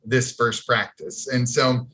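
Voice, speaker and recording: A man's voice: medium pitch, steady tone, slow, sharp tone, a little hiss or hum. A man co-hosting a podcast, chatting casually about a movie, laughing often and acting out quoted lines. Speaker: podcast co-host. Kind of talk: casual movie recap chat.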